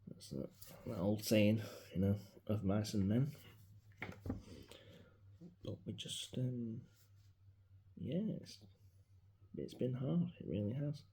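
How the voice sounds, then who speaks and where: Grieving man, low and mellow. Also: slow, pauses often. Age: 40s. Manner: rambling, reflective, grieving, drops into soft mutters. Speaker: vlogger. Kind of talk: casual personal vlog. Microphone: mobile phone.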